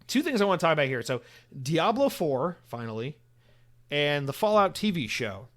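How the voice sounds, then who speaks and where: Rambling, swearing American podcast host. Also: male voice, medium pitch. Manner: rambling, profane, lots of restarts and "like". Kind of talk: casual solo podcast monologue.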